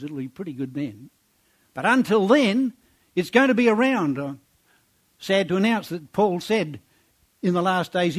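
A man preaching a sermon, reading scripture aloud and exhorting his congregation with rhetorical questions, dropping low and quiet on his words of praise.

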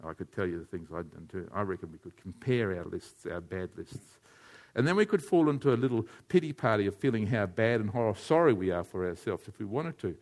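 A man preaching a sermon, telling stories and speaking to listeners by name. He drops to hushed, quiet passages and then rises to loud, shouted climaxes. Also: fairly low pitch, expressive, a little fast. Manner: addresses listeners by name, tells anecdotes.

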